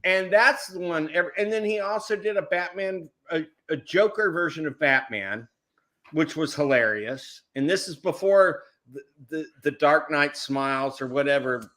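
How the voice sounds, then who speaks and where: A man chatting casually on a group video chat show, telling animated stories, acting out the people he quotes and often restarting his words. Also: a little high, normal speed. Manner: self-interrupting, repeats words.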